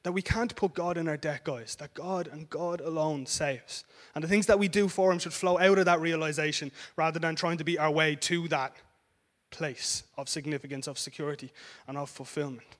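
A man's voice: on the high side, fairly even intonation, moderate pace. A man preaching a sermon in a conversational way, often checking in with "yeah?" and restarting his sentences. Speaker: pastor.

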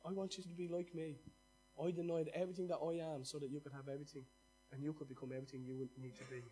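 A pastor delivers a fired-up sermon in a somewhat high-pitched voice. He swings between loud exhortation and quiet, intimate asides. When he gets worked up, he stumbles and repeats his words. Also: flat delivery, racing, slight background noise.

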